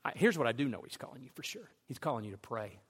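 A man preaching a sermon, telling stories that build to loud, intense peaks. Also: medium pitch, very animated, fast talker, husky, long reverb tail. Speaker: pastor.

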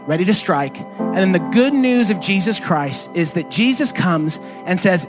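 A man's voice: sits high, lively intonation, moderate pace, few pauses, music in the background. A male pastor preaching a sermon in a conversational way, restarting phrases and asking the congregation questions.

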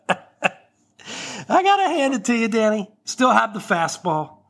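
High-voiced man ranting on a comedy podcast. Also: big pitch swings, normal speed, vocal fry, fairly bright tone. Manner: mock-indignant, profane, boastful. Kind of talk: solo comedy podcast rant.

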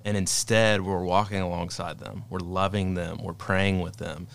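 A man's voice: low voice, flat delivery, normal speed, creaky. A man co-hosting a podcast, making earnest points with emphatic repetition. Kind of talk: casual podcast conversation.

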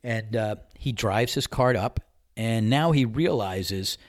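A podcast host whose voice sits on the low side talks a little slowly through a personal story in a casual monologue. He's animated, candid, and conversational, playing out the dialogue himself and using mild swearing. The recording is dry and studio quality.

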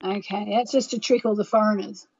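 A woman's voice: medium pitch, fairly even intonation, a little fast, darkish tone, husky, dull audio. A woman hosting a call-in show, guiding listeners through a meditation and chatting with callers in a soothing, chatty way. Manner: soothing and chatty, leads chants. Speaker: radio show host and astrologer. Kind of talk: guided meditation and call-in chat. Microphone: plain microphone without reverb.

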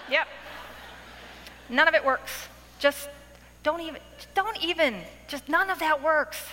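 Animated woman preaching in an echoey hall. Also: takes it slowly, pauses often. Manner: dramatic, acts out her past self with sudden high outbursts; laughs often with the audience. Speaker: speaker addressing a women's audience. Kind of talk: testimony talk. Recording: echoey hall with faint noise.

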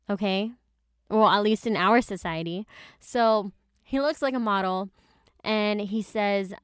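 A woman's voice: mid-range voice, smooth, no room sound, clean studio sound. A young woman hosting a podcast, recording in her closet and retelling a story in a chatty, slangy way with lots of asides. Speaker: podcast host. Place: closet at home.

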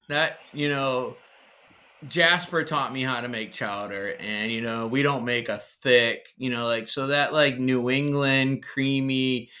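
A man from Massachusetts with a Massachusetts accent, a chef being interviewed, telling stories with animated enthusiasm. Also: mid-range voice. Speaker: executive chef, guest. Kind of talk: casual interview chat.

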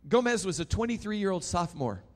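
A man preaching a sermon, telling a story dramatically and swinging between loud and hushed. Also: high-pitched, big pitch swings, brisk.

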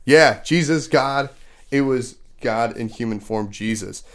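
A man's voice: mid-range voice, a little slow, fairly bright tone. A male podcast host casually retelling a Bible story to children, full of fillers and often stopping to quiz them. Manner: casual, asks the kids questions; loose storytelling with many fillers.

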